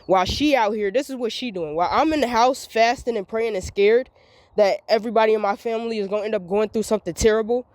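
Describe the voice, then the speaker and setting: A woman's voice: on the high side, quick pace, darkish tone, no room sound, studio quality. A woman, venting in a rambling, repetitive, emphatic monologue recorded as a voice memo. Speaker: vlogger.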